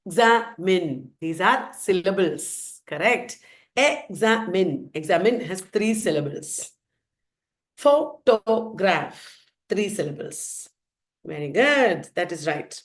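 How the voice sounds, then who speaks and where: A woman's voice: fairly low pitch, expressive, takes it slowly. A woman teacher with an Indian English accent, quizzing her students and repeating the answers emphatically. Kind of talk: lecture with questions to students.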